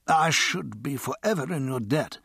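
A man voicing an anxious, embarrassed Victorian gentleman in an audiobook, with a halting, pleading manner. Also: expressive, gravelly, breathy edge, no echo, clean studio sound, exaggerated voice. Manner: halting, pleading, raised pitch.

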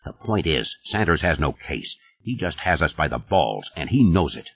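A man reading the part of a gruff, commanding male company boss who talks curtly and coarsely, in an audiobook. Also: a bass voice, sing-song, moderate pace, fairly bright tone, no room sound, pitched below the performer's own voice, full character voice. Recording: dull, dry studio recording.

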